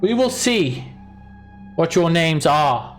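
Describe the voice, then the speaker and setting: A man voicing a huge, protective giant mother who speaks slowly and calls the heroes insects. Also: very animated, soft background music. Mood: stern. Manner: booming and slow, calls others insects.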